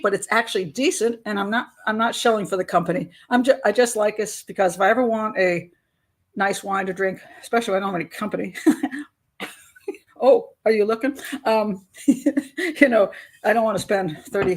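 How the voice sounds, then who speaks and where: An older woman hosting a live stream, chatting casually and rambling with frequent laughs. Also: medium pitch. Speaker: host.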